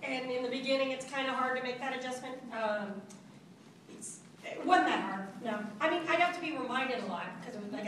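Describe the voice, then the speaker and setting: A woman's voice: sits high, a little fast, a bit bright, far from the mic. A woman voice actress answering fan questions at a convention panel, chatty and self-mocking, laughing often. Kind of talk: casual convention Q&A. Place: large convention hall. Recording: echoey hall from afar, crowd.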